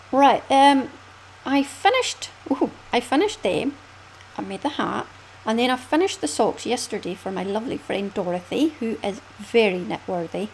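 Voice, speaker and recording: Chatty Scottish woman, fairly high voice. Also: a little mellow, a little hiss or hum, rough recording. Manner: chatty, laughs often, swoops up in pitch. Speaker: podcast host. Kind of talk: casual knitting podcast chat.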